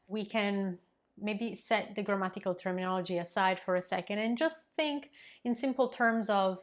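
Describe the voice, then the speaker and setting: Woman teaching a lesson. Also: medium pitch. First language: Italian. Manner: clear, explanatory, repeats example phrases slowly. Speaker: Italian language teacher. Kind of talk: scripted language lesson.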